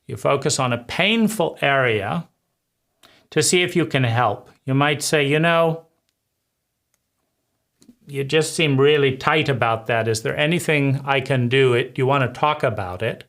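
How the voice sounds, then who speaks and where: A man teaching conversation skills in a deliberate way, often repeating himself and checking in with "right?". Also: mid-range voice, fairly bright tone. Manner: slow, deliberate, repeats phrases and asks "right?". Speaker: life coach.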